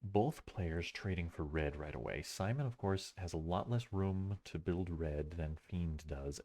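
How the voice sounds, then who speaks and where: A man's voice: sits low, a little mellow. A man giving casual commentary on a board game replay, thinking aloud with many fillers and self-corrections.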